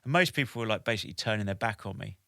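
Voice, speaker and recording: A man in his forties, a podcast guest telling a lively anecdote in an animated way, with lots of "like" and "basically". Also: fairly low pitch, racing, creaky, no echo, clean studio sound. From United Kingdom. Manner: animated, with many "like" and "basically" fillers. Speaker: podcast guest, military veteran.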